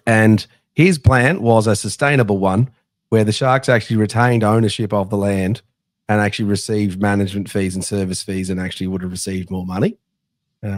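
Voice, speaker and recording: An Australian man hosting a casual sports podcast, telling an animated anecdote in a chatty way. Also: on the low side, dry recording, clean studio sound. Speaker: podcast host.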